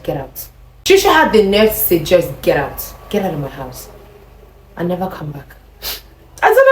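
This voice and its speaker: Young Nigerian woman vlogger, lowish voice, echoey room, animated storytelling. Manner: animated, acts out quoted lines. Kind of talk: casual storytelling.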